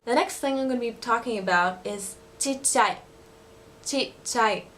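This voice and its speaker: A young woman living in Osaka, a language teacher vlogger, teaches words in a casual lesson, chatty and laughing often with many fillers. Her voice is fairly high, brisk, and fairly bright, with slight background noise.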